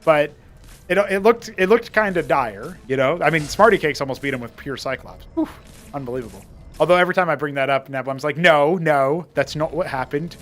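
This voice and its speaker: A man casting a live strategy-game tournament, chatty and prone to rambling asides, getting excitable in fights. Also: a little high, brisk, soft background music. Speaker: esports caster. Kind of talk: live tournament play-by-play commentary.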